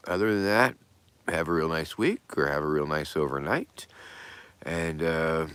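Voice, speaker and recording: A middle-aged man hosting a livestream, chatting in a rambling, profane way that often trails off softly. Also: low-pitched. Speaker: livestream host. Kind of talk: rambling casual livestream chat.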